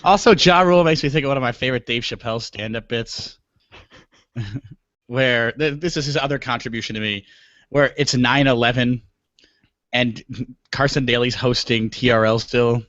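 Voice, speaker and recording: A man's voice: mid-range voice, moderate pace, pauses often, fairly bright tone, dry recording. Male podcast co-host, mid voice, wry and plain, muffled dry recording. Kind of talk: casual chat. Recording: dull lo-fi dry sound.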